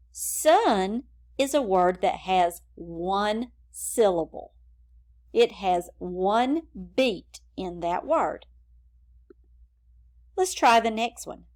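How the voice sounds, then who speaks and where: A woman teacher leads young children through a phonics lesson. She speaks at an unhurried, deliberate pace, and her pitch rises and falls in a lively, sing-song way to keep the kids engaged. Her tone is encouraging and patient. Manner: slow, encouraging, sing-song classroom delivery.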